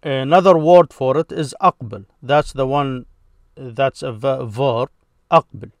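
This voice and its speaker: A male teacher goes through a grammar lesson slowly and patiently, often pausing and restarting to make the point clear. His voice sits at a middle pitch. The recording is close and dry, with no room sound. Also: no room sound, lo-fi sound. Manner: slow, patient explaining with pauses and restarts. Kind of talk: explanatory lesson.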